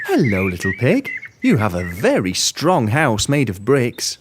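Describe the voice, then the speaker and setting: Slow, lively woman telling a children's story. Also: very deep voice, heavy background noise. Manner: gentle, expressive, talks to the listeners.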